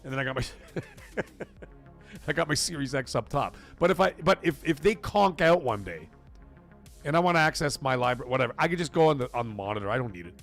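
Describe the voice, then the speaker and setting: A man hosting a live stream, talking in a casual, emphatic and repetitive way, his voice getting hoarse. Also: medium pitch, expressive, fairly quick, fairly bright tone, soft background music. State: voice going hoarse. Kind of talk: casual live-stream chat reading donations.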